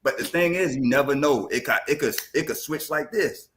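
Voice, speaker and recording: A man from Jamaica, a podcast guest, telling animated stories in casual chat and acting out family conversations with laughter. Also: a little high, brisk, slight background noise.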